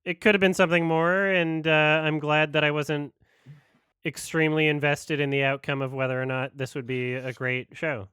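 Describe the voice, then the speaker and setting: A man hosting a movie watch-along, chatting casually in a relaxed, offhand way. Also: a little high, normal speed, clear, resonant tone, no echo, clean studio sound. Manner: relaxed, offhand, with laughs and fillers. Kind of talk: casual chat.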